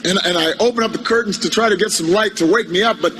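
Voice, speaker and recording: A politician delivers a humorous anecdote in a high, bright voice. He speaks haltingly and doubles up words as he goes. His tone stays wry throughout. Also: a little hiss or hum, poor audio. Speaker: politician giving a speech.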